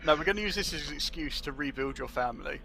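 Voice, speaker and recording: A man's voice: on the high side, animated, fast talker, vocal fry, crowd noise. A man playing a tabletop game online, speaking earnestly and patiently repeating himself. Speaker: player. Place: home, remote online session.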